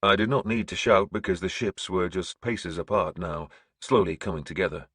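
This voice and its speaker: A man narrating an audiobook in a grim, measured storytelling manner. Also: low-pitched, a bit bright, slightly rough, dry recording, clean studio sound.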